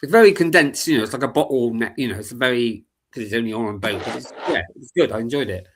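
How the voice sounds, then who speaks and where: A man's voice: medium pitch, animated, quick pace, a little hiss or hum. A man from the UK, a guest on a casual panel chat, talking in a laid-back, hesitant way. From United Kingdom.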